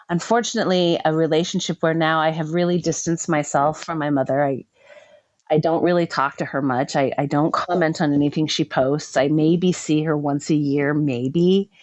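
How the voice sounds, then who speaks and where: A middle-aged woman telling a painful personal story with emotion, pausing and restarting often. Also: low-pitched, steady tone, darkish tone, no room sound, muffled recording. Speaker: guest sharing her story. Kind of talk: personal testimony.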